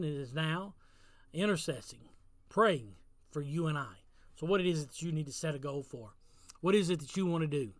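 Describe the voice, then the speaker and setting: A man's voice: a little high, no room sound, clean studio sound. A male pastor giving a devotional talk, exhorting and repeating phrases as he builds to emphatic peaks. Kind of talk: sermon-style devotional talk.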